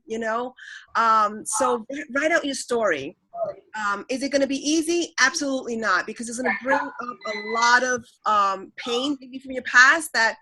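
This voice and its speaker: Bright-voiced woman sharing her story. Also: on the high side, rough recording. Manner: candid, fast, full of fillers. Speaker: team call speaker. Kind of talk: motivational team call talk. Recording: conference call.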